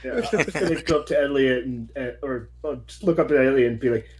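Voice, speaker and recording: A man's voice: medium pitch, lively intonation, quick pace, husky. A man playing in a tabletop game, cracking jokes with stammered restarts. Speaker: player.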